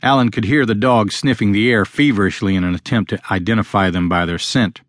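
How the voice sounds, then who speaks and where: A man narrating a novel as an audiobook, reading steadily and in a measured way. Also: fairly low pitch, no room sound, studio quality. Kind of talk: scripted narration.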